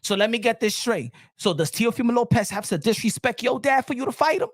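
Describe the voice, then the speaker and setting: A man hosting a boxing channel's live stream, ranting in a loud, heated voice and repeating lines for emphasis in profane street slang. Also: very high-pitched, expressive, a little fast, no room sound, clean studio sound.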